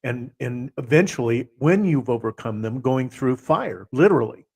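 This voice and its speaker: A man's voice: medium pitch, expressive, normal speed, darkish tone, breathy edge. A man hosting a live interview, effusive in his praise and laughing as he asks long, rambling questions. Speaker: host.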